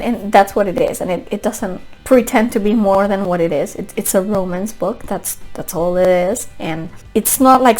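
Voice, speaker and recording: A woman's voice: medium pitch, a little mellow. A woman book vlogger chatting casually in a review, gushing and rambling, with many restarts and frequent laughter.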